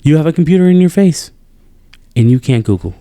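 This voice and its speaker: Exasperated, animated man venting. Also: fairly high pitch, brisk, no echo, studio quality. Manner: animated and exasperated, voice jumps up when incredulous. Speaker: podcast co-host. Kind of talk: casual chat.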